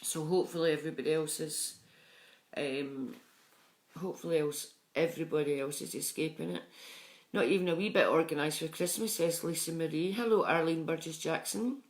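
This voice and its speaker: A middle-aged woman, chatting on a live stream and warmly greeting viewers by name. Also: low voice, fairly quick. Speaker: psychic medium streaming live. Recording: echoey room sound.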